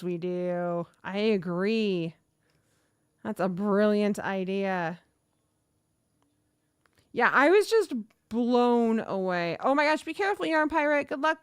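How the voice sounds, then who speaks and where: A woman's voice: medium pitch, smooth, no echo, studio quality. Chatty woman telling a story on a livestream. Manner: chatty, animated, reads chat aloud. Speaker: livestream host.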